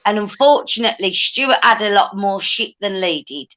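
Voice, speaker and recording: A woman's voice: medium pitch, lively intonation, moderate pace, a bit bright, low-quality recording. A woman hosting a casual livestream chat, talking emphatically.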